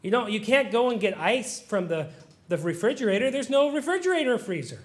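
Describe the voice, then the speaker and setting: A middle-aged man delivers a sermon with a notably high-pitched voice. He drifts between hushed, reflective asides and surging, impassioned stretches where he acts out pleading prayers. His delivery is expressive and heartfelt. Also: a little fast. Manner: swings from quiet musing to loud impassioned pleading. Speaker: pastor.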